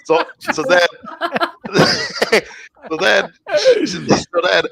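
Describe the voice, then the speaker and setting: A man's voice: high-pitched, wildly swooping pitch, slow, creaky, bright, forceful tone, breathy edge. A man co-hosting a casual live-stream chat, telling a wild story with lots of swearing and laughter. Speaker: podcast co-host.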